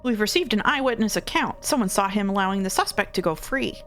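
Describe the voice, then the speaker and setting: A man's voice: high voice, animated, fast, bright, forceful tone, soft background music, full character voice. A man voicing a grave police chief who reports in a formal, stern way.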